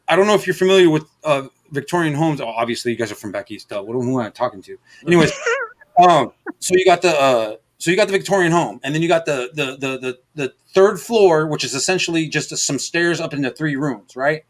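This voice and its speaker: Man, middle-aged, slightly high voice, profane rambling storytelling, casual stream chat. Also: fairly quick. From Los Angeles area. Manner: rambling, profane, animated storytelling with many fillers. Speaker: stream host.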